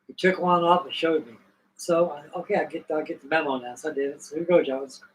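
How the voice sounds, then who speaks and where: A man's voice: fairly high pitch, fairly even intonation, quick pace, distant mic, slight background noise, poor audio. Older man rambling through a story. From Virginia, USA. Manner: rambling, folksy yarn-spinning with restarts. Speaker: host. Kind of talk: casual storytelling on a live stream.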